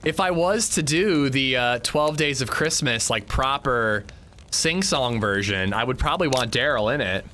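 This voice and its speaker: A man's voice: medium pitch, normal speed, hardly any pauses, pushed and bright, slight background noise. A man streaming a game, casually chatting with his viewers and swearing when something annoys him. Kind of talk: casual livestream chat while gaming.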